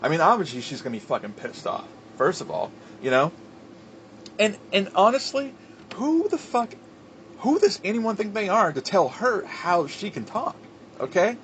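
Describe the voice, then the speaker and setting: A man's voice: high-pitched, huge pitch swings, moderate pace, a bit bright, slight background noise. Heated, profane man ranting about wrestling. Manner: filler-heavy with restarts. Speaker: wrestling commentator. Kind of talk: ranting commentary.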